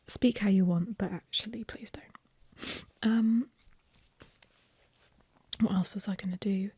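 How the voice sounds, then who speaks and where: A woman's voice: mid-range voice, fairly even intonation, takes it slowly, long pauses, a little mellow, dry recording. A young English woman whispering ASMR chat, rambling and opinionated, a little sniffly, recorded ear to ear on a binaural mic. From England. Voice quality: breathy whisper. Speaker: ASMR host.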